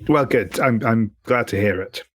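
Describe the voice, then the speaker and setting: Fidgety stammering male camper, put on by a man; polite, lifted pitch, dry close mic. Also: moderate pace, a bit bright, no room sound. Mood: flustered. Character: flustered male camper in scout-style khakis.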